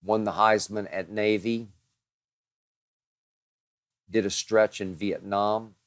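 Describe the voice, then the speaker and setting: A man's voice: on the low side, steady tone, slow, no room sound, studio quality. A man hosting a show, answering listener questions in a dramatic, emphatic monologue that piles up strong words.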